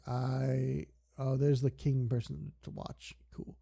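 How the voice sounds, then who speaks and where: Taking it slowly in a mellow, creaky mid-range voice with a level tone and few pauses, the young man streams a game. His casual talk drifts into long, meandering stories.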